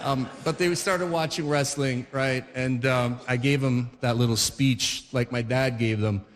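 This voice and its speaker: A man's voice: medium pitch, fairly even intonation, measured pace, in a large hall. A man in his forties doing stand-up comedy, rambling and restarting his sentences as he chuckles through stories. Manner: rambling, self-interrupting, chuckling.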